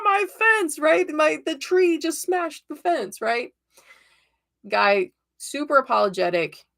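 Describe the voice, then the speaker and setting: A woman's voice: mid-range voice, a bit bright. A woman hosting a tarot livestream in a casual, upbeat chat, telling stories and checking in with her viewers. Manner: upbeat, chatty, storytelling with many "right?" tags. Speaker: tarot reader and livestream host.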